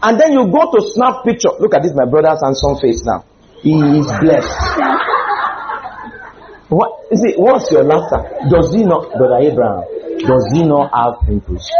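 A man preaching a humorous, animated sermon with sudden loud outbursts. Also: a little high, normal speed, echoey room, dull audio, background noise.

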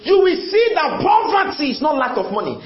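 A man preaching a sermon, repeating phrases emphatically and often shouting to the congregation. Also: very high-pitched, big pitch swings, brisk, a faint crowd. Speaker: pastor. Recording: echoey, dull lo-fi church recording.

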